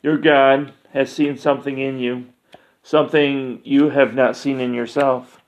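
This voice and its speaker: A man's voice: mid-range voice, flat delivery, lightly acted. A man reading as a grave pilgrim prophet. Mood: solemn. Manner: measured, grave pronouncements. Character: calm, solemn male pilgrim prophet. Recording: dull lo-fi recording.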